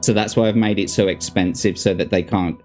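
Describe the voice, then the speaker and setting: A man from Birmingham, England, with a Birmingham accent, reads a fantasy gamebook aloud on his stream, pausing for casual asides and to correct himself. His voice sits on the low side, with fairly even intonation, a slightly fast pace and a slightly mellow quality, over soft background music.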